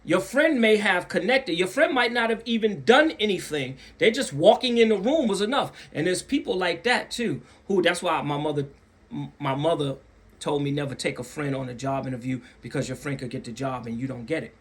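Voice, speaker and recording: A man's voice: brisk, fairly bright tone. A man hosting his own channel, telling a story casually to camera, repeating phrases for emphasis and acting out other people's voices. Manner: acts out other people's voices with big pitch jumps.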